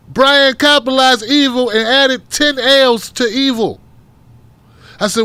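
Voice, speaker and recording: Tennessee guy with a southern accent doing a political show, high voice, blunt and cussing, dry close sound. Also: measured pace, bright, forceful tone, smooth, no room sound. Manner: blunt, profane and mocking; fired up, rants with rhetorical questions. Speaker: political talk show host. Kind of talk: casual livestream commentary.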